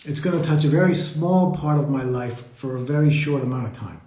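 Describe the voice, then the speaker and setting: A man leading a live meditation talk, speaking slowly and reflectively and greeting viewers as they join. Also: mid-range voice, warm tone. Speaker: meditation teacher. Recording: roomy echo.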